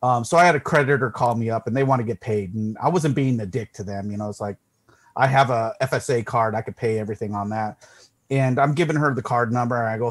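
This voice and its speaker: A man's voice: medium pitch, fast. A middle-aged man, a podcast co-host, telling a sarcastic story in casual chat and swearing along the way. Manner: sarcastic, deadpan jokes, swearing.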